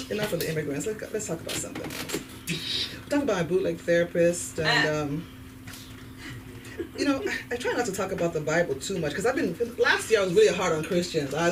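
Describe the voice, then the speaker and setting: Animated Nigerian woman doing stand-up. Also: lowish voice, fast. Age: 50s. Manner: animated, switches between voices. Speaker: stand-up comedian. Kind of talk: stand-up comedy set. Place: comedy club stage. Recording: distant mic, noisy room. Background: audience laughter.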